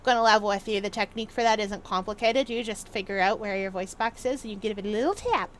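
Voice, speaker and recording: Over slight background noise, a woman with a mid-range voice streams a game at a quick pace. Her chat with viewers is casual and playful, peppered with ums and laughs.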